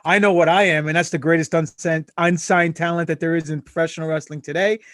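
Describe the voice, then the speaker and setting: A man's voice: a little high, steady tone, fast, a bit bright, dry recording, clean studio sound. A man guesting on a podcast, boasting and joking while staying in his wrestling persona. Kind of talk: casual chat.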